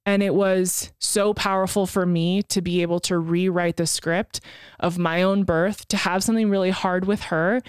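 A woman's voice: lowish voice, clean tone, no room sound, studio quality. A woman in her thirties telling a personal story as a podcast co-host, frank and emotional, swearing casually.

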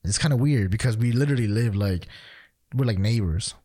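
A man's voice: fairly low pitch, fairly quick, warm tone, no echo, studio quality. A man chatting casually, rambling and playful, with many fillers and restarts. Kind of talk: casual chat.

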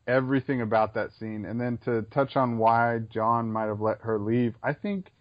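A male podcast co-host enthusiastically and analytically talks through a TV scene in a casual recap, often repeating phrases as he thinks. His medium-pitched voice is steady at a moderate pace, with dull lo-fi sound from a dry room.

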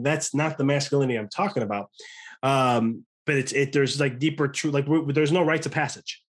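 A man's voice: mid-range voice, a little fast. A man in his thirties with an American accent, talking earnestly in a casual conversation and often restarting his sentences. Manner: rambling, earnest, many restarts. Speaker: podcast guest.

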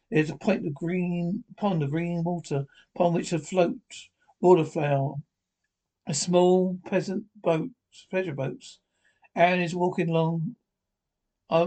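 A man's voice: a little high, darkish tone. A man casually retelling a TV episode's plot, reading out dialogue with frequent restarts and small asides. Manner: halting, with restarts and ad-libbed asides. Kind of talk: informal plot narration.

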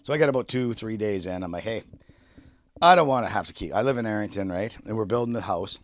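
Casual male podcaster, animated and profane, tells a story with laughs. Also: fairly low pitch, fast talker, dry recording. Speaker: podcast co-host.

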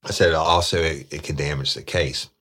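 Very deep husky-voiced man telling a story. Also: normal speed. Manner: lively retelling that acts out the dialogue; casual, blunt. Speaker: former detective.

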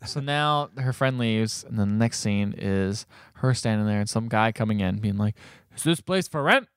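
A man hosting a podcast, retelling a movie plot in a casual, animated way, swearing and laughing as he talks. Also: fairly low pitch, moderate pace, clean tone, dry recording, studio quality. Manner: animated storytelling, swears freely, laughs while talking. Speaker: podcast host.

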